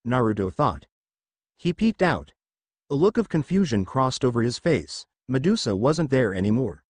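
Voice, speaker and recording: A man narrates a fan fiction adventure like an audiobook, telling it at a steady pace. His pitch rises and falls with plenty of life, and the recording is dry and close with no room sound. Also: normal speed, husky, no room sound.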